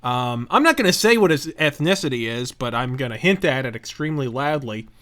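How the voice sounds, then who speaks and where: A man as host telling a profane, animated story with laughter while playing a game. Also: medium pitch, brisk. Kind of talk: casual storytelling while gaming.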